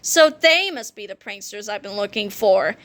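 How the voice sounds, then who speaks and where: A woman's voice: mid-range voice, expressive, moderate pace, a bit bright, voice pushed down, close to an everyday voice. A woman voicing a sly, calculating villainous man in a storybook reading. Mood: sly scheming.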